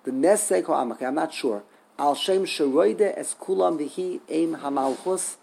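Gravelly, husky man teaching a text class. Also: fairly high pitch, normal speed, warm tone. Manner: thinking aloud, repeating words, rhetorical questions.

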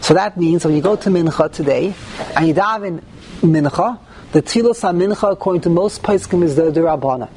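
A man's voice: sits high, brisk, darkish tone, slight background noise. A man teaching a Talmudic-style lesson, mixing English with Hebrew and Yiddish terms and rising sharply on key points. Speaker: Torah teacher. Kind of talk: Talmudic lecture.

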